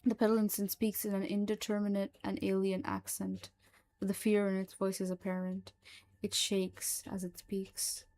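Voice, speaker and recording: A woman narrating a horror story in a slow, hushed, even manner. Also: mid-range voice.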